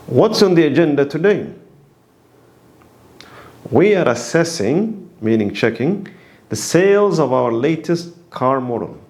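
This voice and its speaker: A man reads through a scripted English lesson, taking each phrase and example at a slow, careful pace. His pitch moves about widely as he switches between explanations and acted-out examples. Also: darkish tone. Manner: slow, deliberate reading of phrases and example sentences. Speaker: English teacher.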